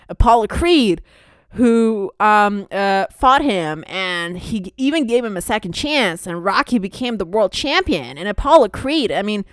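A woman's voice: a little high, clear, resonant tone, dry recording, clean studio sound. A young woman hosting a podcast, chatting casually and rambling with frequent fillers and laughs. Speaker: podcast host. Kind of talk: casual chat.

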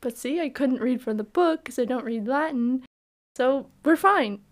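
A woman's voice: high-pitched, normal speed. Chatty woman reviewing a film. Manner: animated, laughing, acts out film lines. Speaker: podcast co-host. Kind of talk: casual film review chat.

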